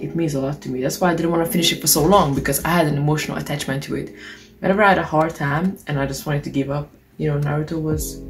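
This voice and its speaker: A young woman, chatting casually and swearing playfully while doing her makeup on camera. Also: low-pitched. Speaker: beauty vlogger. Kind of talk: casual get-ready-with-me chat. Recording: music playing underneath. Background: background music.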